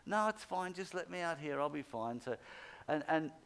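A man preaching, his voice pitched high for a man. It carries a gravelly, creaky edge as he rambles through an anecdote. He acts out each person's lines in turn. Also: animated, normal speed, fairly bright tone. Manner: rambling, retelling anecdotes with quoted dialogue. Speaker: pastor. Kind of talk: sermon storytelling.

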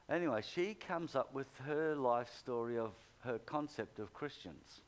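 A man preaching, telling a long anecdote in a lively storytelling way and acting out the people he quotes. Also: mid-range voice, a little slow. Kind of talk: sermon storytelling.

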